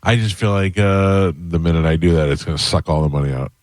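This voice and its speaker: A man hosting a morning radio show. He speaks in a low, deep voice with short, easygoing reactions. The sound is close and dry. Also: brisk, a little mellow, no echo. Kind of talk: casual chat.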